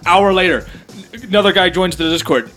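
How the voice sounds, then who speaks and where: A man in casual gaming chat, talking in a quick, rambling way and tripping over his words. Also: high voice, a bit bright, faint music behind.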